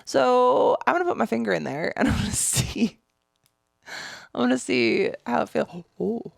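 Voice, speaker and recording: Giggly animated woman in her thirties. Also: fairly high pitch, moderate pace, vocal fry, no room sound, studio quality. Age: 30s. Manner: giggly, animated, talks to herself. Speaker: podcast host. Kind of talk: solo podcast chat, unboxing products. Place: small room alone.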